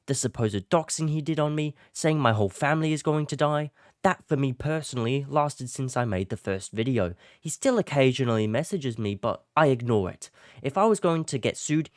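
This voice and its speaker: A man's voice: medium pitch, no room sound, clean studio sound, pitched above the performer's own voice, close to an everyday voice. A man putting on a British accent to read out a friend's reassuring message in a mock-posh, upbeat way.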